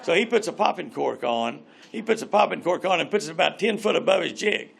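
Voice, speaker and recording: An older man, telling rambling, animated fishing stories as an interview guest. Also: high-pitched, a little fast, gravelly. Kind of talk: casual storytelling interview.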